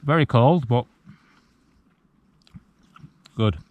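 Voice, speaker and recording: A man in his forties from the UK talks to his camera while wild camping on a cold mountaintop at night. His voice is mid-pitched and relaxed, and he reflects aloud with an easy chuckle now and then. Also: normal speed, phone-quality sound. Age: 40s. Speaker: solo wild camping vlogger. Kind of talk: casual chat to camera.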